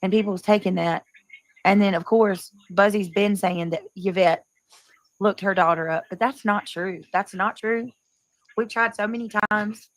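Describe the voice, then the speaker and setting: A woman hosting a casual livestream, talking in a rambling way and often clearing her throat. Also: medium pitch, no room sound, rough recording. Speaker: livestream host.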